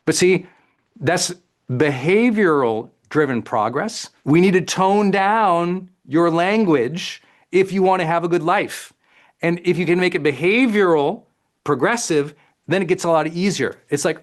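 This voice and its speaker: A man giving a motivational coaching talk, conversational and energetic, acting out inner voices with sudden jumps in pitch and often checking in with his listeners. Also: unhurried. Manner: conversational, often asks "right?" and "does that make sense?". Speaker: personal development coach.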